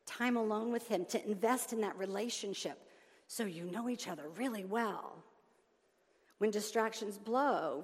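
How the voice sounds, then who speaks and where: Woman preaching in an echoing hall. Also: mid-range voice. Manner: animated, swings between loud emphasis and soft hushed lines. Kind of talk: sermon. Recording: long reverb of a large hall.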